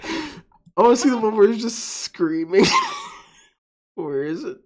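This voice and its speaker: Laughing, animated gaming streamer guy. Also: high-pitched, takes it slowly. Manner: laughs often, rambling and excitable. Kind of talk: let's play commentary.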